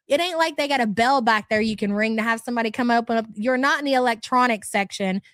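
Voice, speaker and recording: A woman's voice: high voice, a bit bright, no echo, clean studio sound. A woman hosting a casual livestream, reading her chat and ranting bluntly with lots of swearing and frequent laughs. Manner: blunt, profane, exasperated ranting; laughs often.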